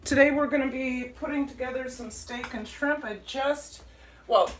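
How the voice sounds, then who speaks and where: A woman from Minnesota hosting a casual live cooking stream from her small home kitchen, chatty, rambling and quick to apologize. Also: high voice, a little hiss or hum, low-quality recording. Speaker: cooking livestream host. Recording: kitchen clatter of dishes and pans.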